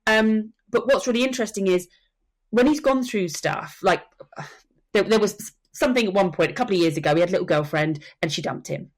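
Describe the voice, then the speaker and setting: A woman's voice: medium pitch, expressive, fairly quick. A woman working as a death educator, telling stories earnestly and acting out what people said in a podcast conversation. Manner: earnest storytelling, acts out quotes. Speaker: soul midwife and death educator.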